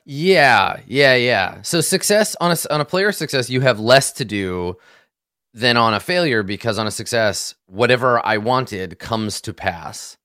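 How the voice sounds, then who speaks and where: A man explains the rules of a tabletop game in a relaxed, conversational way, patiently building up examples one step at a time. His voice sits in a middle register and is recorded close and dry, with almost no room sound. He talks like someone who knows the game well. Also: mid-range voice, a little slow, no echo. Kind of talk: casual explanatory chat.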